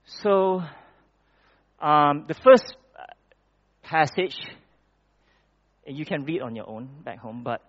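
A man preaching a conversational sermon in a church hall, often pausing and restarting his words. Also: a little high, expressive. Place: church hall with projected slides. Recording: dull lo-fi recording.

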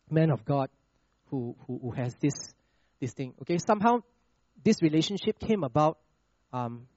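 A man preaching a sermon with a personal testimony, checking in with the congregation with "all right?" and "okay?" and dropping to a hush on scripture lines. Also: mid-range voice, no echo, muffled recording. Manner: slows and drops to a hush on scripture phrases.

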